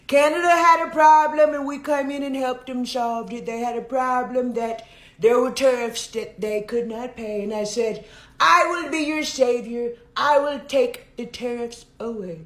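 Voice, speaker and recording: A woman's voice: high voice, moderate pace, fairly bright tone, echoey room. A woman impersonating a boastful, rambling male president in a satirical sketch. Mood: smug. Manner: rambling, repeats catchphrases.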